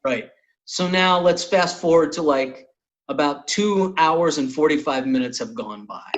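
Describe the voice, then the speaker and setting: A man's voice: fairly high pitch, unhurried, a little hiss or hum. A man hosting a podcast, telling a long comic anecdote in casual, profane chat. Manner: animated, swearing anecdote teller. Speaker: podcast host and comedian.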